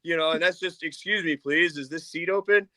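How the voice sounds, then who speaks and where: A man hosting a podcast, telling animated stories in casual chat and laughing often. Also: fairly high pitch, brisk, dry recording.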